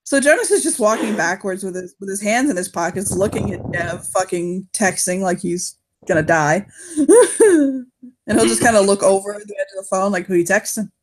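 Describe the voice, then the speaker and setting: A woman's voice: mid-range voice, a little fast, few pauses. A woman narrating and playing characters in an improvised tabletop role-playing game, laughing often and swearing casually. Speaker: player.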